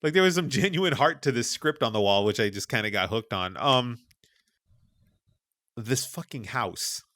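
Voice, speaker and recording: Bright-voiced man telling a gaming story. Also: mid-range voice, moderate pace, dry recording. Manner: animated, swearing, storytelling. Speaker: podcast host. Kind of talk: casual gaming chat.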